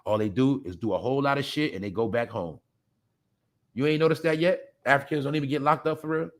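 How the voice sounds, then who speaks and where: A podcast host rants on a casual live stream, his mid-range voice slightly bright. He rambles bluntly and profanely, laughing often as he goes.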